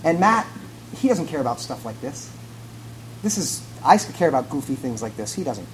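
A man preaching in a church, his pitch sitting in the middle of the usual range. He tells a self-mocking personal anecdote in an easy, conversational way and acts out each side of the dialogue. A faint ambient hum sits under his voice. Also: big pitch swings, normal speed, low-quality recording. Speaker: pastor. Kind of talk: storytelling sermon.

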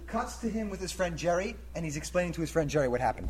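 A man's voice: fairly high pitch, lively intonation, rapid-fire, few pauses, slight background noise. A man giving a sermon as a story, talking casually and asking the audience questions. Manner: conversational, asks the audience questions. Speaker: preacher.

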